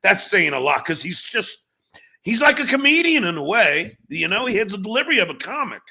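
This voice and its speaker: Talking a little fast, this middle-aged livestream host has a high-pitched voice with big pitch swings, vocal fry, a sharp tone and a breathy edge. His stream is political chat and storytelling, laced with swearing and stammering restarts.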